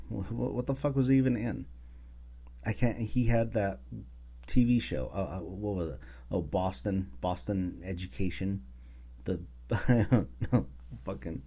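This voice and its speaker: A man's voice: low voice, warm tone, slightly rough, muffled recording. A man hosting his own podcast, ranting casually with profanity, sarcasm and lots of filler words. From Utah. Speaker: podcast host.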